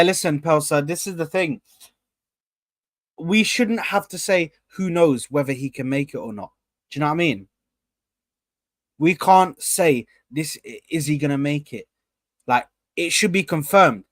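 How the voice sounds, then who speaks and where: A man's voice: fairly high pitch, dry recording, studio quality. Rambling young man hosting a live stream. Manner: rambling, repeats himself, shouts out viewers. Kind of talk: casual live chat.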